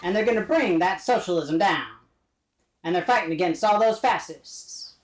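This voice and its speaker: A man's voice: sits high, expressive, moderate pace. A man putting on a 1940s wartime radio announcer. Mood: rousing. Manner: rousing, patriotic, declaiming. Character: old-fashioned male wartime radio announcer.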